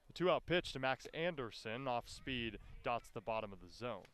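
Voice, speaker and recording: A man calling live baseball play-by-play, with his voice climbing sharply in pitch and volume on big plays. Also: animated, normal speed, fairly bright tone, smooth. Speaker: play-by-play announcer.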